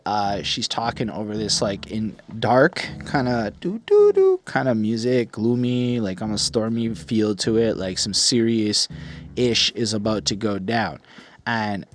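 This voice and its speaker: A man's voice: fairly low pitch, measured pace, slight background noise. A young man hosting a podcast, reviewing an album in a rambling, casual way with lots of "like" fillers. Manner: rambling, heavy on "like" fillers, animated retelling.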